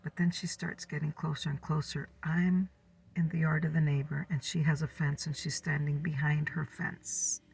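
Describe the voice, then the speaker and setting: A woman in her fifties telling a neighborhood gossip story in a soft, whispered ASMR style. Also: sits low, flat delivery, moderate pace, recorded from a distance. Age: 50s. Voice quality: breathy.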